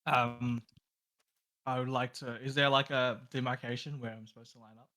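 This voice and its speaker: Guy playing a tabletop game, halting, lots of ums, mid pitch. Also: little pitch movement, bright, forceful tone, low-quality recording. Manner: hesitant, halting, many ums. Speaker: player. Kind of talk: casual chat, tabletop role-play.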